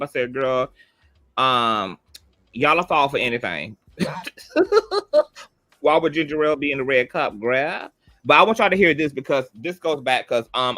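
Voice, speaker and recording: A man's voice: medium pitch, bright, forceful tone, dry recording. A man hosting a gossip commentary show, sassy and profane, who keeps calling his listeners "girl". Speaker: commentary host.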